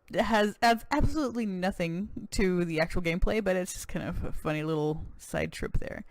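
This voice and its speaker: Casual lets play host chatting over a point and click game, mid pitch, dry close mic. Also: no echo. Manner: chatty, self-deprecating, quick asides. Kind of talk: casual let's-play commentary.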